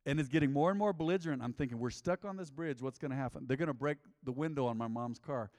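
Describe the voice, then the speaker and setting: A man preaching a sermon, telling a personal story with lively acted-out quotes and shifts between loud and quiet delivery. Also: medium pitch, fast. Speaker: pastor. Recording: long hall reverb.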